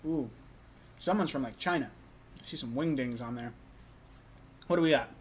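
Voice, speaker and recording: A man's voice: mid-range voice, moderate pace, slight background noise. A young man hosting a casual live stream, chatting loosely, reading chat messages and talking while eating.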